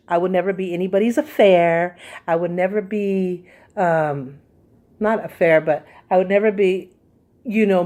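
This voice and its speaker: A middle-aged woman from California, recording at home and telling a personal story in a chatty, confiding way, pausing often with fillers. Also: medium pitch, darkish tone. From California, USA. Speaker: vlogger.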